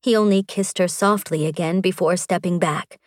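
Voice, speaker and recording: A woman reading a romance audiobook in a measured, expressive narration. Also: lowish voice, no room sound.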